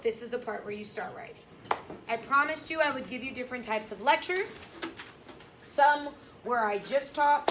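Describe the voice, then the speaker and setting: A woman teaching a high school English class, lecturing in a blunt, sassy, emphatic way. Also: background noise.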